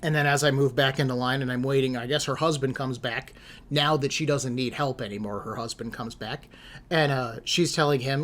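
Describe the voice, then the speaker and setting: A man's voice: mid-range voice, brisk, fairly bright tone. Exasperated man telling a rambling story. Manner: rambling, exasperated, self-deprecating. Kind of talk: casual storytelling chat.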